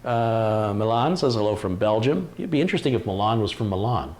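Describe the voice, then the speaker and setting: A man hosting a casual live stream, reading out viewer comments with quick asides and laughs. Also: fairly low pitch, animated, darkish tone. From Detroit, USA. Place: home computer workshop.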